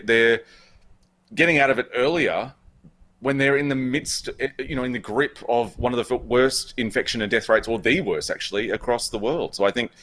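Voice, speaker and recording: Male panelist, lower pitch, emphatic opinion, repeats words as he pushes a point. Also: fairly bright tone. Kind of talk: opinion commentary.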